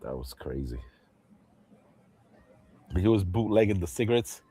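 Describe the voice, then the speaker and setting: A man hosting a livestream in casual chat, animated, laughing often and swearing freely as he acts out movie lines. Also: sits low, measured pace, slightly rough, no echo. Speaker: livestream host.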